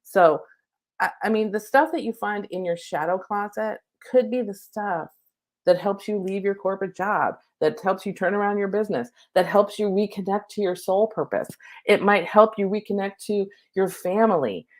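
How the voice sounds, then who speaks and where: A woman's voice: medium pitch, normal speed. A middle-aged woman, a spiritual coach, giving a live-streamed lesson from home on her laptop mic, casual, chatty and cheerfully profane.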